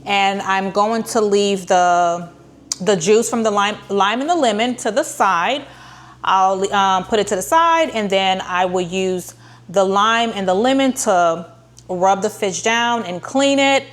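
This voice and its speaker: A woman with a mid-range voice speaks at a measured pace, hosting a casual cooking tutorial. She's chatty and rambling, full of ums and restarts, with a few dry, sarcastic asides.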